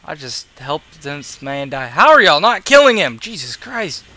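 Tired male gamer with a bright, slightly high voice, recorded dry, swearing through casual gameplay commentary. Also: sing-song, unhurried, no echo. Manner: profane, grumbling, sarcastic. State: tired and yawning. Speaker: gaming video creator.

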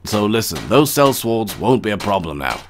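A man's voice: fairly low pitch, very animated, normal speed, slight background noise. A man giving casual, wry, sarcastic commentary while playing a video game. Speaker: gaming commentator.

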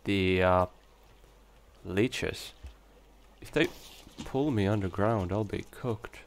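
A man's voice: low voice, takes it slowly, creaky. A young man giving casual let's-play commentary, muttering to himself and breaking into frustrated swearing.

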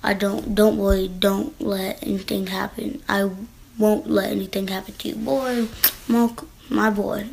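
A woman's voice: medium pitch, steady tone, measured pace, gravelly, darkish tone, slight background noise. A woman vlogger reading text stories aloud, with sassy, teasing, slangy asides. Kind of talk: casual reaction commentary.

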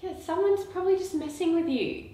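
Very high-voiced woman, calm and skeptical. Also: brisk. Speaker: wife being pranked. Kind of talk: casual conversation at home. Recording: echoey room.

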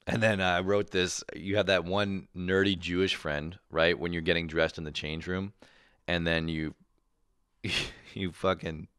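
Low-voiced man ranting comedically. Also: a little slow, smooth, no room sound, clean studio sound. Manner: profane, animated storytelling with impressions. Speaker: comedian podcast host. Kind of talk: solo comedic rant.

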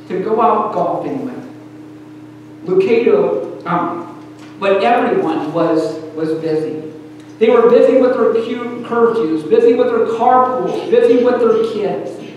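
High-voiced preacher in an echoey hall. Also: male voice, a little mellow, lo-fi sound. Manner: storytelling preacher, pausing often in short phrases. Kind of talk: storytelling sermon. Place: church sanctuary. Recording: echoey hall, distant mic, faint hum.

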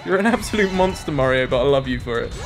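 A young man in his twenties, a gaming host, joking and reacting excitably while he plays. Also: mid-range voice, fast, over music. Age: 20s. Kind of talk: let's-play commentary.

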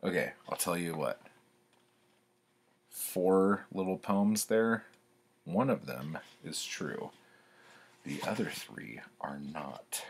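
A man's voice: sits low, slight background noise. A man reading his old childhood poems aloud and commenting on them in a wry, self-mocking way.

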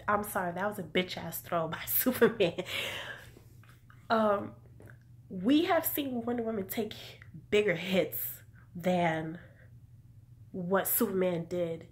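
A woman giving a casual spoken film review, excitable and profane, often exclaiming and acting out scenes. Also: medium pitch. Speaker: movie reviewer.

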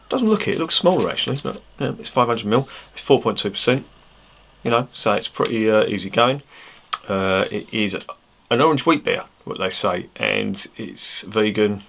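A man's voice: on the low side, lively intonation, moderate pace, vocal fry, fairly bright tone, slight background noise. A man reviewing a beer in a casual, rambling way, swearing freely and poking fun at himself. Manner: blunt, swears freely, chatty and self-mocking. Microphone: his original microphone, not a clip-on.

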